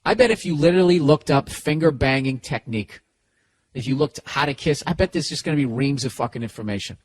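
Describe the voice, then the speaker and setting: A man hosting a podcast, reading listener letters aloud and answering them in a loud, profane, sarcastic comedic rant. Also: mid-range voice, animated, fast, slight background noise. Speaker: podcast host giving advice.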